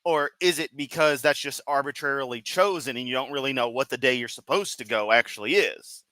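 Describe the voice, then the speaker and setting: A man's voice: medium pitch, brisk, pushed and bright, dry recording, low-quality recording. A man giving sarcastic, profane reaction commentary as a streamer, mocking what he hears. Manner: sarcastic, mocking, swears constantly.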